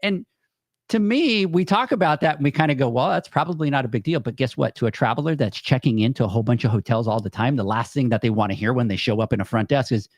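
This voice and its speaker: A man's voice: mid-range voice, fast talker, no room sound, studio quality. A man co-hosting a podcast, telling a work story in casual chat and acting out quoted lines. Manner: storytelling, acts out quoted dialogue. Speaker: podcast co-host.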